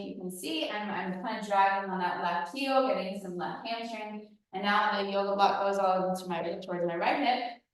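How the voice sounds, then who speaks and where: A woman fitness coach leads a workout, cueing breaths while she demonstrates the moves and sounding a little out of breath. Her mid-range voice comes through a rough, very echoey recording from a distant mic.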